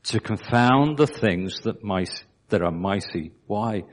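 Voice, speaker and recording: Very deep-voiced male preacher. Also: animated, slow. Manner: asks the congregation rhetorical questions. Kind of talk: sermon.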